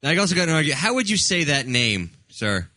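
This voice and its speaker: A man's voice: fairly high pitch, big pitch swings, quick pace, sharp tone, dry recording, clean studio sound. A man co-hosting a comedy radio show, joking playfully in casual banter. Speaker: show host.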